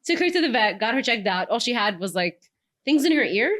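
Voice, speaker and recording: A young adult woman, a news presenter, chatting as a podcast guest in an animated, laughing storytelling manner. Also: fairly high pitch, a little fast. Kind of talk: casual podcast chat.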